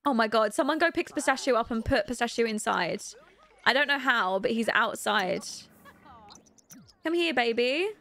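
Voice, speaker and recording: A young woman from Britain with a British accent, chatting through a game stream. Her voice is high and bright, and it bounces lively up and down as she giggles and answers her chat. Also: moderate pace. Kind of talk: casual gameplay commentary.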